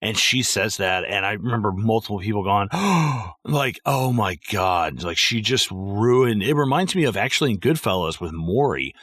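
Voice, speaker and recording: A man's voice: lowish voice, moderate pace, few pauses, no echo, studio quality. A man co-hosting a casual movie podcast, swearing often and acting out lines from the film. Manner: profane, animated, acts out film quotes. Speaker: podcast co-host.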